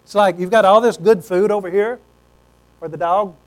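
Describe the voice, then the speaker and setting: Folksy high-voiced male preacher. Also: fairly even intonation, normal speed, poor audio. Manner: folksy, conversational storytelling. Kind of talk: sermon.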